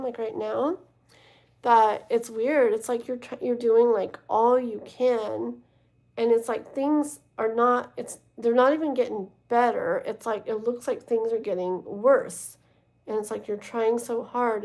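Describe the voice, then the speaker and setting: A tarot reader with a slightly high, somewhat mellow voice does a live reading while chatting casually with viewers. She uses many fillers and keeps checking in with "okay?"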